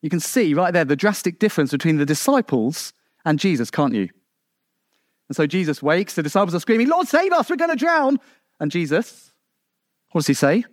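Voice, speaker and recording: Animated preacher with a lively high voice. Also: male voice, brisk, pauses often, dry recording, studio quality. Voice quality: rhetorical questions, conversational asides. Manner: animated, rising to emphatic peaks then dropping low. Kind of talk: sermon.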